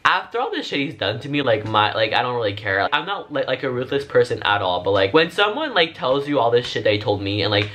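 A man with a bright, forward voice chats through a personal storytime vlog. His talk is loose and frank, packed with fillers and the odd curse word, and his pitch sits in an ordinary middle range. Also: sing-song, quick pace, few pauses. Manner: chatty, filler-heavy, frank and profane. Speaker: vlogger telling a story. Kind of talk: casual storytime monologue.

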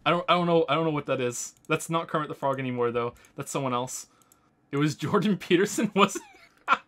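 A man streaming a game and commenting casually, rambling into excited asides and swearing freely. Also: on the high side, fairly quick. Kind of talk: casual live gameplay commentary.

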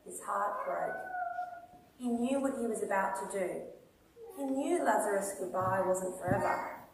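A woman reading a children's Bible story in a church, in an animated way and putting questions to her listeners. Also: medium pitch, a little slow, slight background noise. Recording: echoey church from far off.

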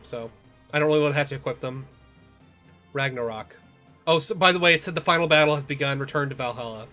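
A man's voice: medium pitch, quick pace, bright, forceful tone. A young man casually rambling through let's-play commentary, self-deprecating and swearing often. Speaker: gamer. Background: game music.

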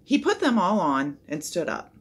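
Woman storybook reader, husky tone, lively rise and fall, low-pitched. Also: normal speed. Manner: expressive, voices the characters. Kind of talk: read-aloud of a children's chapter book.

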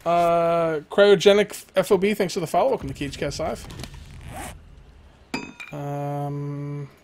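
A man's voice: fairly high pitch, slow, a little mellow, a little hiss or hum. A young man streaming a survival game live, rambling, joking, thanking followers and swearing at the game.

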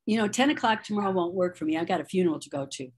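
A woman's voice: fairly low pitch, lively intonation, rapid-fire, slightly rough. A woman on a video call, role-playing a prospect in a sales training with hesitant, conversational answers.

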